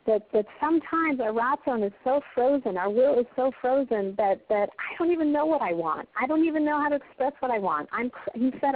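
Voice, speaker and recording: A woman's voice: high-pitched, lively intonation, fairly quick, hardly any pauses. Earnest woman teaching over a phone line. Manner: earnest, emphatic, storytelling with passionate rises. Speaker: Torah teacher. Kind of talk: heartfelt Torah class given over a conference call.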